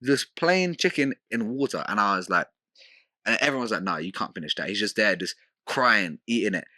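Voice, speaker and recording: A young man tells house stories on a podcast with lots of swing in his pitch and a bright, forward tone. He slips into quick impressions of friends as he goes. The recording is dry and close. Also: dry recording. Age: young adult. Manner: animated storyteller, mimics housemates. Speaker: podcast guest. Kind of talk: casual podcast chat.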